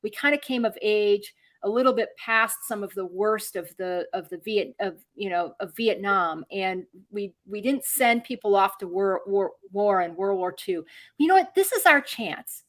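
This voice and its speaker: A woman's voice: medium pitch, normal speed, few pauses. A middle-aged woman from Michigan hosting a political podcast, talking earnestly and rambling with lots of fillers and restarts. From Michigan, USA. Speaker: podcast host. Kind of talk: casual political podcast chat.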